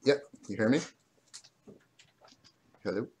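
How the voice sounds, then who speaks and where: A man's voice: lowish voice, slow pace, a little mellow, slightly rough. A man explaining card details in an easygoing way on a live stream.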